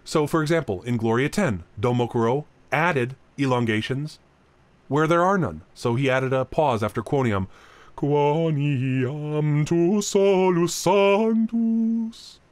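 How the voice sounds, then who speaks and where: A man's voice: mid-range voice, expressive, moderate pace, no echo. A man giving a recorded lecture on chant. He explains plainly, often restarts his sentences, and now and then sings short examples. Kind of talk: recorded talk.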